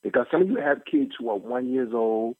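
A man, a pastor, preaching in a lively informal way, joking and asking the listeners questions. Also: mid-range voice, brisk. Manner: animated, joking, asks the listeners rhetorical questions. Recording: tinny phone-line audio, dry.

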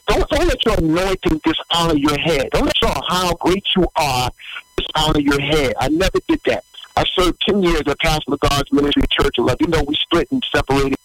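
Animated, gravelly-voiced middle-aged male pastor. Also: on the high side, low-quality recording. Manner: animated, repetitive emphatic preaching. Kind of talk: livestreamed sermon with announcements.

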